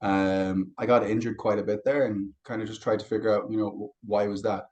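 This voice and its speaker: A young adult man, a fitness coach guest on a podcast, talking casually and telling stories in a relaxed way. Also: on the low side, a little fast, muffled recording. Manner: relaxed storytelling with anecdotes. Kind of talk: casual interview chat.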